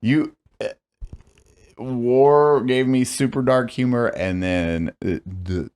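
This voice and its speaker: A man in his thirties hosting a podcast interview, telling stories loudly with laughter and swearing. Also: mid-range voice, slow pace, clean tone. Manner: loud, laughing storytelling with swearing. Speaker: podcast host.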